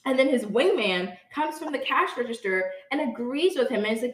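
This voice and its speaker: A young woman co-host on a podcast, high-pitched with lively intonation, talks a little fast with few pauses. Chatty and casual, she says "like" often and addresses her listeners as "guys." The distant mic makes it sound roomy.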